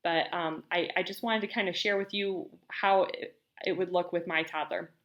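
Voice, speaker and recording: A young woman giving parenting advice in an earnest, gentle, explanatory way, now and then acting out what she and her toddler say. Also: lowish voice, fairly even intonation, normal speed, muffled recording. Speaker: parenting teacher.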